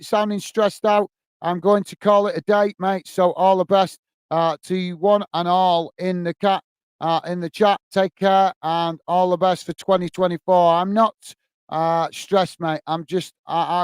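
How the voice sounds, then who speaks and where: A man's voice: high-pitched, fairly even intonation, a little slow, clean tone, no echo. A man hosting a football live stream, chatting casually and reading out viewer comments, often calling people mate. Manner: casual, says "mate" often, many fillers and restarts. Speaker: football channel host.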